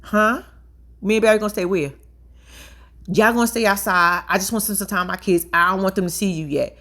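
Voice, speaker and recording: Woman doing a curt, dismissive young woman, quick and brushing off. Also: medium pitch, fairly bright tone, close to an everyday voice.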